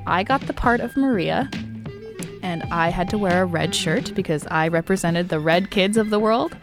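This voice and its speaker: A woman's voice: fairly low pitch, moderate pace. Wry young woman telling her story. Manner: lively, wry, laughs easily. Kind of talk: conversational storytelling. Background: background music score.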